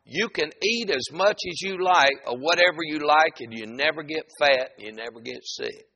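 An older male Saint Peter, patient but insistent, spelling things out in a lifted, bright voice as a preacher acts him out. There is a gravelly edge to it. It belongs to a joke told in a sermon. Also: fairly high pitch, normal speed, in a large hall, pitched above the performer's own voice. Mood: emphatic. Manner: emphatic, raised and insistent.

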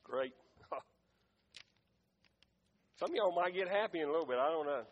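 A man's voice: a little high, animated, normal speed. A male preacher giving a fervent sermon, breaking it up with "amen" and "hey". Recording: echoey hall, dull lo-fi sound.

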